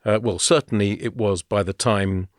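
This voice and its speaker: A man's voice: fairly low pitch, fairly even intonation, normal speed, no room sound, studio quality. A man co-hosting a motor racing podcast, telling stories in a chatty, rambling way with fillers. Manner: chatty, storytelling, with fillers and laughs. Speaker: podcast co-host. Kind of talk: casual podcast chat.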